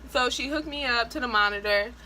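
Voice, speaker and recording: Woman vlogger, bright and slightly high, chatty and animated storyteller. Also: brisk, slight background noise, low-quality recording. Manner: chatty, animated, frequent "like" and laughs. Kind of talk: casual personal storytelling.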